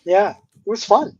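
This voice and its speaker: A man around sixty, a guest musician telling stories in a casual interview, animated and laid-back, with lots of "dude" and "you know". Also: high-pitched, breathy edge, dry recording. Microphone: remote streaming call. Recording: dull, slightly lo-fi dry audio.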